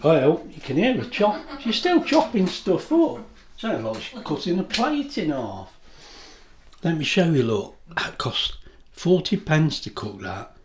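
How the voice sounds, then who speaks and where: A man's voice: on the high side, huge pitch swings, a little slow, echoey room, noisy background. A middle-aged man with a chatty, homely way of talking, laughing often as he chats to camera in his kitchen. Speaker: food vlogger. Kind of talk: casual chat to camera. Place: home kitchen.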